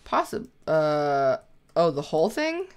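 A woman chatting casually while playing a video game with a friend, animated and prone to shrieks when startled. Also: deep voice, slow, smooth. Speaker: co-host of a gaming let's play. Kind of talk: casual gameplay chat.

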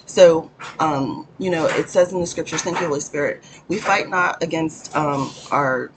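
A woman hosting her own channel, giving a rambling spiritual teaching in a hoarse morning voice from a cold room, often stopping to thank the Holy Spirit. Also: low voice, moderate pace, noisy background. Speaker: channel host.

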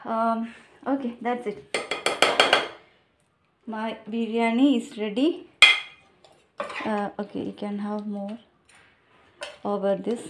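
A woman's voice: a little high, level tone, slow, pauses often, heavy background noise. A woman making a casual cooking vlog at home, chatty and laughing at her own mistakes. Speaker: cooking vlogger. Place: home kitchen. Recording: home kitchen with clattering dishes.

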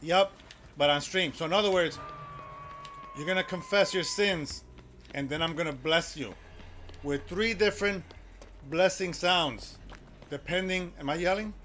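A man's voice: high voice, normal speed, long pauses, fairly bright tone. A man streaming a video game, chatting loosely with his viewers and reacting to the game as he plays. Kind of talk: casual live-stream chat while gaming.

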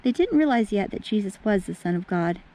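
Woman teacher, storybook read-aloud, animated, warm mellow tone, talks to the kids. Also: medium pitch, a little fast. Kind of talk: reading a storybook aloud to children.

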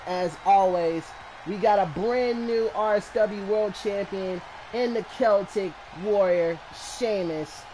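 A man commentating a wrestling match as a fan, emotional and shouting at the action. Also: high voice, noisy background. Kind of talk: excited fan commentary on a video game match.

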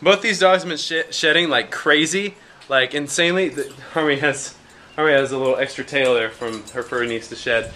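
Young male vlogger, bright tone, loose rambling delivery, self-deprecating humor. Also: on the high side, a little fast, slight background noise. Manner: rambling, jokey and self-mocking, with many fillers. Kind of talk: casual vlog chat.

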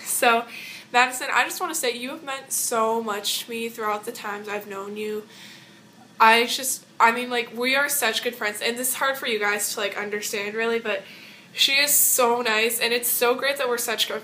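Gushing teen girl with a bright voice. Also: on the high side, moderate pace, slight background noise. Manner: gushing, rambling, lots of fillers. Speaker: vlogger. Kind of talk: casual birthday message vlog. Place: home bathroom, indoors.

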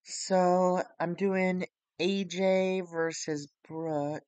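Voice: mid-range voice, fairly even intonation, extremely slow, a little mellow, clean tone, no room sound. A streamer playing a wrestling booking sim, rambling casually and swearing while retelling storylines. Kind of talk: casual live-stream commentary.

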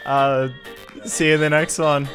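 A man's voice: on the high side, level tone, measured pace, a bit bright. A young man streamer, sheepish and giggly, chatting and closing his video casually. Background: music.

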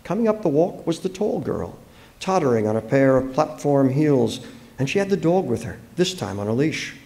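An author from the United States giving an expressive, dramatic public reading of his own fiction at a book fair. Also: a little high, moderate pace, vocal fry.

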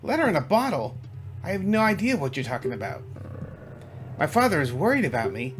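A man's voice: fairly high pitch, sing-song, brisk. Man putting on a raised voice, bossy proud fish princess, video game, game music behind. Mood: haughty. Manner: bossy, indignant line reading.

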